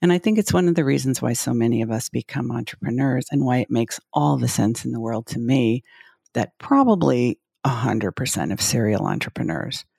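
Podcast guest, entrepreneur, gravelly, husky, confident explaining, dry sound. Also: mid-range voice, animated, a little fast, a little mellow, no echo. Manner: confident, explanatory, self-assured. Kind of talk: conversational interview answers.

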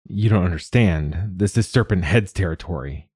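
A man's voice: low-pitched, moderate pace, a little mellow, slightly rough, dry recording, studio quality. A man reading the part of a blunt, exasperated young woman from the slums.

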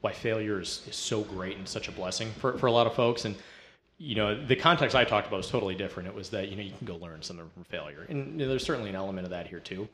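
A man's voice: on the low side, racing, fairly bright tone, roomy sound, a little hiss or hum. A man hosting an interview, speaking in a reflective way with many fillers. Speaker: podcast host. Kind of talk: casual interview talk.

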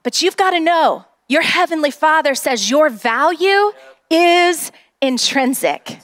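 A woman's voice: high-pitched, lively intonation, takes it slowly, a bit bright. A middle-aged woman pastor preaching a sermon in a church, earnest and rallying her congregation.

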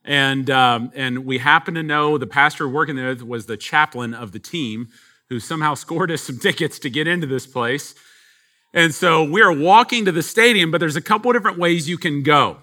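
A man's voice: on the high side, normal speed, sharp tone. A man from Texas, a pastor, telling a story in a sermon, chatty with many fillers.

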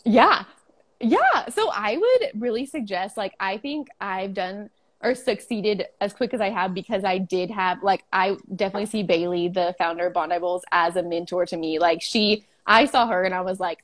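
A woman's voice: medium pitch, normal speed. Chatty young woman, laughing often. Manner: chatty, laughing, many "like" fillers. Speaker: food truck owner. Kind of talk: casual interview chat.

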